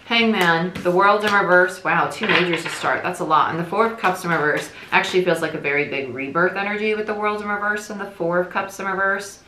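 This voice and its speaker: A young woman from New Jersey giving a casual tarot reading, talking quickly in a chatty, rambling way. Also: lowish voice, steady tone, sharp tone, a little hiss or hum. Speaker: tarot reader. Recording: echoey room.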